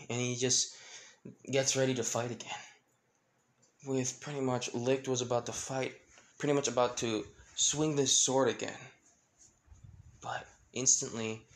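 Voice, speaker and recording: Slow, rambling man retelling a story. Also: medium pitch, a little hiss or hum, low-quality recording. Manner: rambling, full of "pretty much" and "like", frequent restarts. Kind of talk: casual retelling of a fan-made crossover story.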